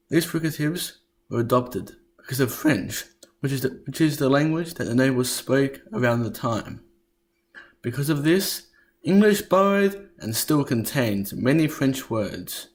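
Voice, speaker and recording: A man giving an explanatory lesson, speaking in a measured way and going through each point step by step. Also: medium pitch, expressive, a little hiss or hum. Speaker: teacher explaining.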